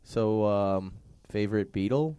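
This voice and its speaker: Male show host, relaxed joker, smooth clear tone, dry garage studio. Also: on the low side, a little slow, no room sound. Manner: joking, relaxed, teasing. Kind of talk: casual interview chat.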